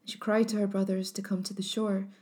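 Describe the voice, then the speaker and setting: A woman narrating an old legend in a measured, solemn storytelling style. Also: mid-range voice, flat delivery, warm tone.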